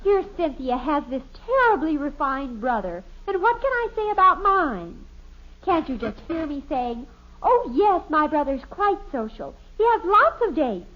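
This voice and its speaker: A woman's voice: high voice, very animated, a little slow. An actress playing a teenage girl who puts on refined airs, in affected, theatrical 1950s radio sitcom acting, on a dull old radio recording. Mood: dramatic.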